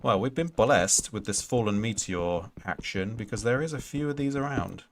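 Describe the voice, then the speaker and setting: Gravelly-voiced male game streamer. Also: on the low side, moderate pace, a little hiss or hum. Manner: rambling, thinks aloud with many fillers. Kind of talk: casual let's-play commentary.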